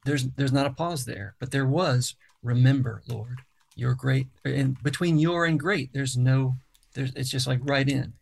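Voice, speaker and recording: A songwriter, appearing as a guest in a relaxed interview, talks about how he writes songs in a gravelly, creaky voice of ordinary pitch. He explains step by step and thoughtfully, pausing as he searches for words.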